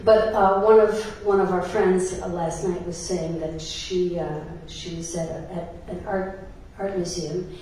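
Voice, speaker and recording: A woman minister delivers a sermon, telling stories in an unhurried, chatty way with plenty of ums and laughs. Her voice rings through a very echoey church and sounds a little far from the microphone, with a faint hiss behind it. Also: on the low side, steady tone. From Ireland. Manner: warm storytelling with laughs and filler words. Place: church sanctuary. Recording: echoey church hall from a distance.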